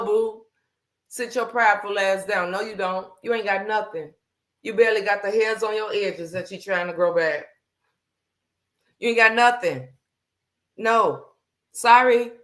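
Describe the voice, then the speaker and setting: A woman's voice: medium pitch, a bit bright. A woman hosting a faith livestream, talking candidly and bluntly with slang, greeting viewers as she goes. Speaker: livestream host.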